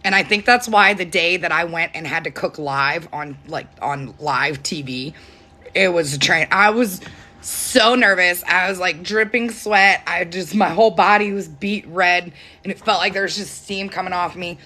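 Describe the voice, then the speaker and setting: A chatty woman hosts a casual live stream from her phone at home. Her voice has a bright, forward tone, and she laughs often between stories. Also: fairly low pitch, moderate pace. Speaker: TikTok live host. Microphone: phone camera.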